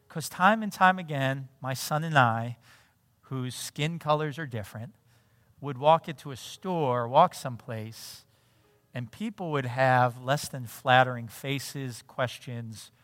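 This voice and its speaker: Middle-aged male pastor, storytelling sermon, lively, dry close mic. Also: medium pitch, dry recording. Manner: animated storytelling, acts out dialogue. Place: church sanctuary.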